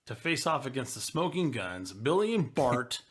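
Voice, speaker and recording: A man's voice: medium pitch, very animated, normal speed, fairly bright tone, husky. A man co-hosting a casual wrestling podcast, reading through history notes and adding wry asides. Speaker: podcast co-host.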